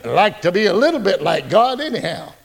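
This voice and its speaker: A male pastor preaching a folksy, joking, animated sermon. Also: high-pitched, fairly quick, creaky.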